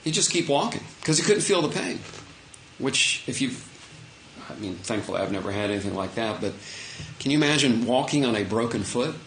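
Animated preacher man in an echoey room. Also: medium pitch, fairly quick, slight background noise. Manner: conversational, animated retelling with asides. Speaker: pastor. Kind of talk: sermon with Bible reading.

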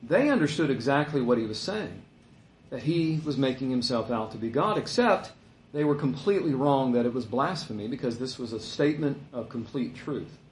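A man teaching a Bible passage in a relaxed, conversational way, growing animated when he acts out quotes. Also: mid-range voice, normal speed, reverberant, a little hiss or hum. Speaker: pastor.

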